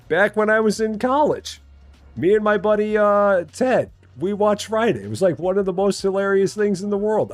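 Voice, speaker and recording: A man in his forties streaming a game live, chatting with viewers in a lively, joking way at a desk mic. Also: high-pitched, normal speed, faint music behind. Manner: lively, talking to chat, jokingly challenging; hums and scats while working. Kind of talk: live gameplay chat.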